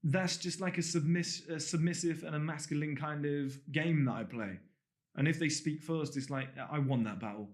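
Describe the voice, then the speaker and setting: A man's voice: on the high side, normal speed. A man with a posh English accent, originally from the English countryside, coaching a course on camera in a blunt, emphatic way and swearing freely. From England (Gloucestershire). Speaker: dating and body language coach. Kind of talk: direct-to-camera course talk.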